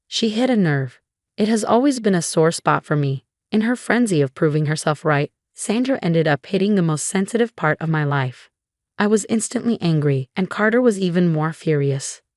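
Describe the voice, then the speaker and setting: A woman narrating a first-person story in scripted narration, with an even, flat storytelling delivery. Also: low voice, moderate pace, no echo, studio quality.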